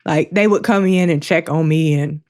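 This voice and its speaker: A woman co-hosting a podcast, speaking openly and emotionally in a slow, halting way. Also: low-pitched, a little mellow. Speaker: podcast co-host. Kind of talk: candid personal talk.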